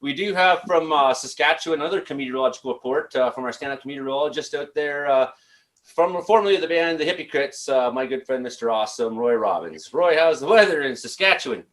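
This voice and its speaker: A man from Canada hosting a casual call-in show, talking haltingly with many fillers and restarts. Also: mid-range voice. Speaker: show host.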